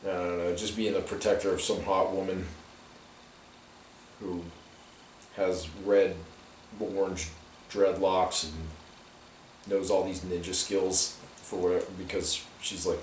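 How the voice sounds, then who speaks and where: A man's voice: low voice, little pitch movement, a little slow, pauses often, slight background noise. A man talking while he colors comic pages, ranting in a rambling way with many restarts and asides. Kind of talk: rambling casual monologue. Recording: roomy echo, distant from the mic.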